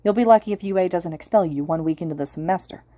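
A harsh, contemptuous mother in a storybook reading, put on by a woman reader. She scolds in a low, mellow voice. The recording is dry and close. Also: quick pace, no echo, natural voice. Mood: scornful. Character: sneering harsh middle-aged mother.

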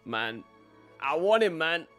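A man's voice: a little high, big pitch swings, slow pace, a bit bright, faint music behind. A young man live-streaming a game, casually greeting his chat by name and laughing often.

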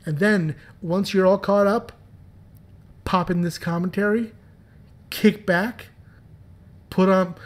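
This man hosts a podcast and writes comics, and he talks about his comics in a playful, joking, chatty way. His voice is high and steady, and he speaks slowly with long pauses.

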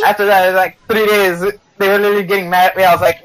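A man's voice: high voice, fast talker, few pauses, background noise. A man telling a family story in a casual voice chat, swearing freely and laughing as he goes. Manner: animated storytelling, swears a lot, laughs often.

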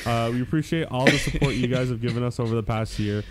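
A man's voice: medium pitch, fast, heavy background noise. A young man co-hosting a casual podcast, swearing a lot and bantering loosely. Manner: profane, animated banter. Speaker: podcast co-host. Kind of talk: casual chat.

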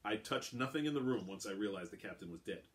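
A man's voice: lowish voice, animated, fast, lightly acted. Man voicing a hot-tempered gnome quartermaster. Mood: seething. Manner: angry, threatening.

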